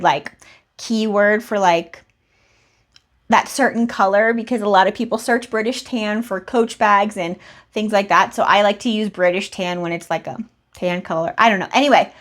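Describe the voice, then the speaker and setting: A young adult woman recapping her recent resale sales in a chatty, rambling way, with asides and self-deprecating laughs. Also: medium pitch. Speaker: reseller vlogger.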